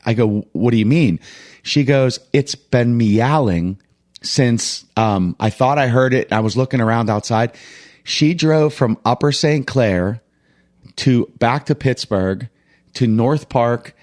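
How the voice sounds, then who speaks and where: A man's voice: mid-range voice, slow pace. A man, a coach and co-host, telling a long story in casual chat, acting out the people in it and laughing as he goes. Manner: animated storyteller, acts out quoted voices, laughs while telling.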